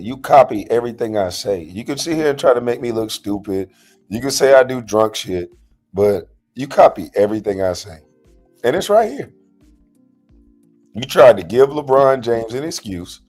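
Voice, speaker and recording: With a fairly low pitch and darkish tone, this commentator confronts someone in a profane reaction vlog over a panel clip, mocking them and calling them out in a heated rant.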